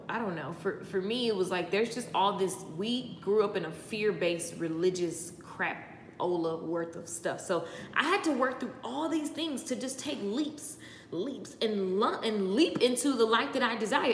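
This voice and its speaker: A woman talking casually as a motivational speaker on a live stream, chatty and rambling, greeting viewers by name. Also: mid-range voice. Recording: echoey room with long reverb, faint background noise.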